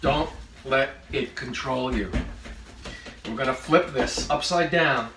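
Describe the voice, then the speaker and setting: A man's voice: medium pitch, slow pace, roomy sound, distant mic, noisy background. A man hosting a comedic cooking demonstration in his kitchen, full of joking asides. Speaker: cooking show host. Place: home kitchen.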